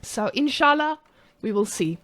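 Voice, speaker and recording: A woman's voice: a little high, expressive, a little slow, fairly bright tone. A woman putting on a South African guy's accent while playfully casting a live strategy game, with jokey, mock-hyped cheering. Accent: put-on South African. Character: brash South African guy game caster. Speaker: esports caster.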